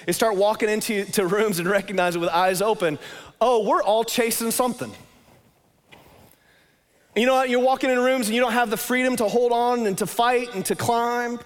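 A man's voice: high-pitched, long reverb tail. A man preaching a sermon in a casual, conversational way, often tossing in "man" as he talks. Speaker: pastor.

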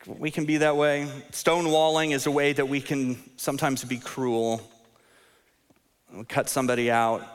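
A man's voice: mid-range voice, a bit bright. A man in his thirties preaching a sermon as a pastor, conversational and self-deprecating, often repeating words as he restarts. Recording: long reverb of a large hall.

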